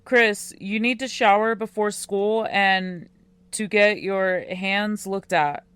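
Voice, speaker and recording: Woman reading as a steady young man friend. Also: mid-range voice, takes it slowly, smooth, no room sound. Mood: earnest. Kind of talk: audiobook character reading.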